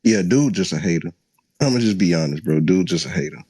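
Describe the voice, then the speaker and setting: A man hosting a heated live audio-room debate, mocking and blunt with fast comebacks. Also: deep voice, expressive, dark tone, slightly rough, no room sound. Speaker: host.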